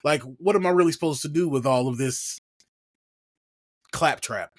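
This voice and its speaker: A man in a casual conversation about tabletop games, wry and quick to laugh. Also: fairly high pitch, no echo. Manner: wry, laughs often, short agreements.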